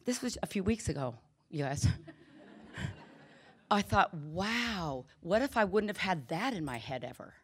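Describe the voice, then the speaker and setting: A woman's voice: fairly low pitch, sing-song, normal speed, long pauses, breathy edge. A middle-aged woman giving a candid personal testimony at a recovery meeting, telling stories and acting out the quoted dialogue.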